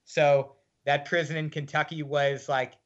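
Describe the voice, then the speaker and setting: A man's voice: on the high side, level tone, a little slow, dull audio, slight background noise. A middle-aged man, a guest author, reading from his book and talking casually in an interview. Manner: reads with dry wit, casual fillers in talk.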